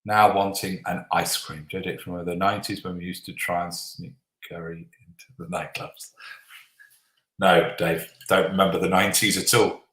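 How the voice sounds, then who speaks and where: A quiz host with a low-sitting, level, slightly bright voice runs a live online pub-style quiz from an echoey room. Cheeky and jokey, he reads the answers slowly, banters with players, and swears before apologizing.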